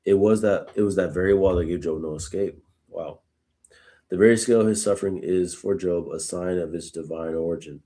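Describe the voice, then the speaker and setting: Male Bible study host, very low voice, reads scripture then chats about it with casual asides. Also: steady tone, a little fast, dark tone. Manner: reads verses aloud, then reflects informally; uses casual "y'all" asides. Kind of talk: live scripture reading with commentary.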